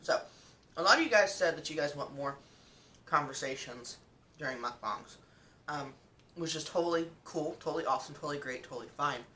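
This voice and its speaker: A woman's voice: deep voice, animated, brisk, sharp tone, far from the mic. A young woman vlogger chatting casually while she eats, telling a story with lots of ums and likes. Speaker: mukbang vlogger.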